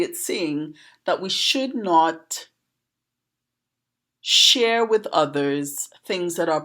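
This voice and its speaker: Trinidadian woman educator, low unhurried voice, patient and questioning. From Trinidad and Tobago. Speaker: poet and educator. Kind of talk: explaining a proverb to camera.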